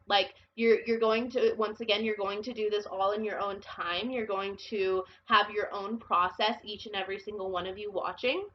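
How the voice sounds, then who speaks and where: A woman's voice: medium pitch, a bit bright, dull audio, a little hiss or hum. A woman giving a casual tarot reading, chatty and blunt, who swears and laughs a lot and sounds a little congested and unwell. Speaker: tarot reader.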